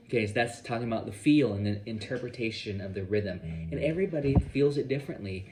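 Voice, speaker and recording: A man's voice: medium pitch, fast talker, hardly any pauses, background noise. A man giving a guitar lesson, explaining phrasing and scat-singing the rhythms he means. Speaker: guitar teacher. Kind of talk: instructional explanation. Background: loud guitar playing.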